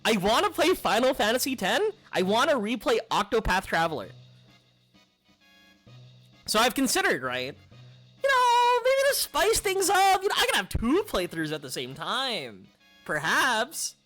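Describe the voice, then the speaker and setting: A laid-back game streamer who chats in a rambling, unhurried way, voice swinging widely up and down while telling stories. Faint music runs underneath. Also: mid-range voice, wildly swooping pitch, a bit bright. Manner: rambling, laid-back, says dude and like a lot. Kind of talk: casual gameplay stream chat.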